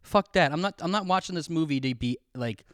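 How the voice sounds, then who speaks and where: A young podcast host drinks alone at home, filming himself with the camera aimed at his face as he delivers a rambling, swear-filled, self-deprecating comic rant and voices the people he quotes. He speaks a little fast in a slightly high, expressive voice. The audio is clean, like a studio, with no room sound.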